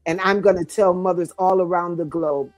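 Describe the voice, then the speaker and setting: A woman's voice: on the low side, steady tone, moderate pace, darkish tone, no echo, soft background music. An older woman guest speaking with fervent, sermon-like cadence, encouraging mothers. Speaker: guest co-author. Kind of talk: preaching-style encouragement.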